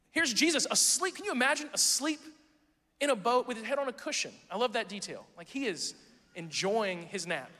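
High bright joking preacher man. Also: long reverb tail. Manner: casual, joking preaching with asides. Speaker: pastor. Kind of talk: sermon.

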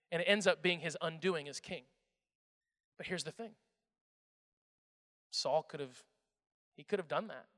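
A young man preaching a sermon, telling a story with energy and swinging between loud and hushed delivery. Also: high voice. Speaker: pastor. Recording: echoey hall.

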